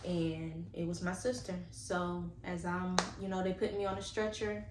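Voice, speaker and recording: Lady telling her story straight to the camera, lowish voice, little hiss in the background. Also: normal speed. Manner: earnest, animated storytelling that addresses viewers directly. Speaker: vlogger telling a personal story. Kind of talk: casual storytime monologue. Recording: echoey room with faint background noise.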